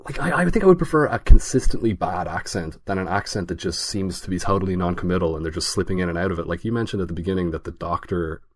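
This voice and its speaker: A man's voice: sits low, expressive, fast, hardly any pauses, slight background noise. A man co-hosting a casual film review podcast, talking hesitantly with many fillers and restarts. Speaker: podcast co-host.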